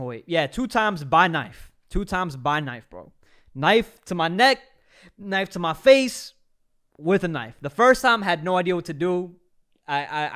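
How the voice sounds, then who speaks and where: Excitable man reacting, bro-heavy. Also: high voice, clean tone. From New York City, US. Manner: excitable, says "bro" constantly. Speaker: reaction video host. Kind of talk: reaction commentary.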